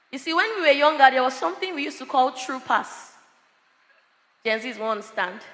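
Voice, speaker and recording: A woman preaching a sermon at a church prayer service, often shouting as she preaches. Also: sits high. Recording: echoey church hall.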